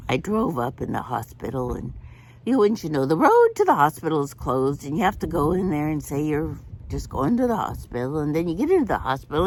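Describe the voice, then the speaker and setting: Older woman telling chatty stories, husky. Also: sits low. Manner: chatty, laughs often, lively storyteller. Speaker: vlogger. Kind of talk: casual storytelling to camera. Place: outdoors.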